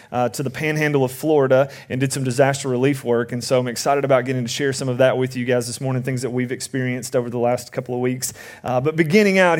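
A man preaching a sermon in a relaxed, conversational way, reading scripture and asking the congregation questions. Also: medium pitch. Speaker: pastor. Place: church service.

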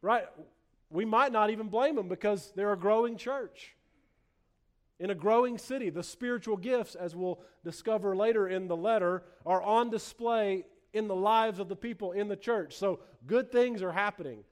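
High-voiced man preaching a sermon. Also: normal speed. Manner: earnest, repeats words when restarting, voices sarcasm in quotes. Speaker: pastor.

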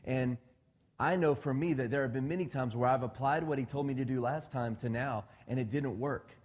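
A man's voice: medium pitch, brisk, a little mellow. A man preaches in a casual, conversational way, often turning to the congregation with questions and slipping into voices for the people in his story. His voice sits in a middling range and rings out with the long reverb of a big hall. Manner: conversational, asks the congregation questions, acts out quoted dialogue. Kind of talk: sermon.

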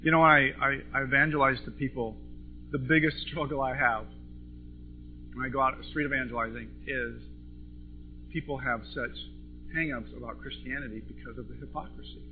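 A man preaching a sermon to a congregation, impassioned, swinging between loud and soft. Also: medium pitch, steady tone, fairly quick. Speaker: pastor. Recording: tinny phone-like recording with faint music.

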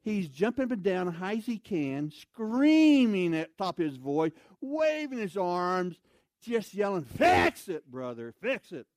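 A man preaching a sermon in a church, telling stories with lively, animated delivery and loud bursts of emphasis. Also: high voice, a little slow, dry recording. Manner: animated storytelling, acts out voices, shouts for emphasis. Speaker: pastor. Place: church sanctuary.

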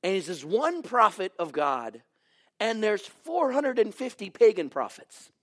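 High-voiced man preaching a dramatic sermon. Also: very animated, measured pace. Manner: dramatic storytelling, swinging from raised exclamations to hushed near-whispers.

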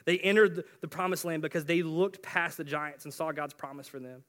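A man's voice: a little high, a little fast, fairly bright tone. A young man preaching a casual youth sermon in a chatty way, with slang and frequent restarts.

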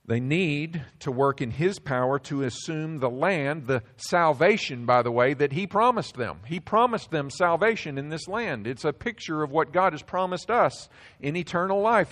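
A male pastor delivering a sermon in a fairly high voice. He preaches emphatically, rising for stress and then slowing and sinking low on the words he wants to land. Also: animated, fairly bright tone.

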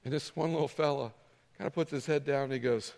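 A man's voice: mid-range voice, fast talker, creaky, a little mellow, long reverb tail. A man preaching a sermon as pastor, talking conversationally to the congregation and acting out their objections in their voices.

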